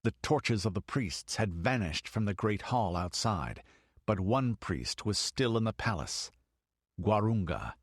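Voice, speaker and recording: A male narrator reads a fantasy audiobook in a measured, steady way. His voice sits low. The recording is dry and close, with no room sound. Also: breathy edge, no room sound. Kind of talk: scripted narration.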